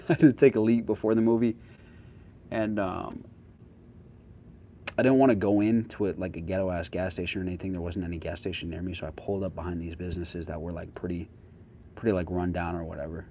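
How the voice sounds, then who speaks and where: Casual young male creator, low voice, slangy and easygoing, a faint background hum. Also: mellow. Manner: slangy, laid-back and conversational. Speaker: social media creator. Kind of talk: casual chat with viewers.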